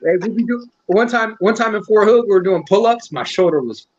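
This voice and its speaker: A man telling army stories to old friends in a casual chat, profane and animated, acting out what others said. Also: high-pitched, fairly quick, lo-fi sound, slight background noise. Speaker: army veteran reminiscing. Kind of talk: casual storytelling among friends.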